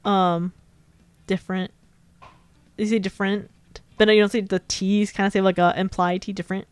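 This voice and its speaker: A woman's voice: mid-range voice, level tone, fast talker, clear, resonant tone, no echo. Giggly Californian woman, dry sound. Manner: rambling, giggly, lots of "like". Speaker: streamer. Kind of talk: casual chat.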